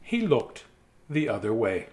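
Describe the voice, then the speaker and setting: A man's voice: medium pitch, very animated, measured pace, darkish tone. Playful man reading bedtime stories. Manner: playful, rambling, silly asides. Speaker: storybook reader and host. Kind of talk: casual bedtime story chat.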